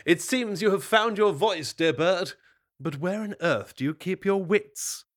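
A man voicing a sly, dapper male fox who flatters with theatrical, mock-genuine praise. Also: high-pitched, measured pace, pitched above the performer's own voice. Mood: smug.

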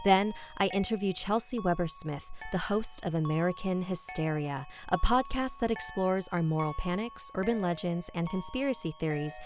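Hushed woman narrating horror. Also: fairly low pitch, moderate pace, few pauses. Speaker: podcast host and narrator. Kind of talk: scripted horror story narration. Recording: music underneath.

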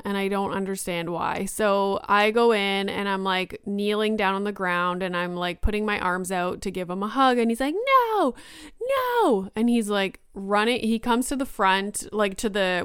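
A woman's voice: mid-range voice, clear, resonant tone, dry recording, studio quality. A young woman hosting a podcast, telling a story in a chatty way and filling her speech with "like". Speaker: podcast host. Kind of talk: casual storytelling monologue.

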